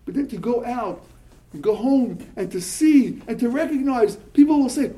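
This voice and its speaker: Animated rabbi with a high, mellow voice. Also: male voice, moderate pace, low-quality recording. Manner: animated storyteller, repeats words when excited; Hebrew and Yiddish terms mixed into English. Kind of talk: motivational talk to yeshiva students.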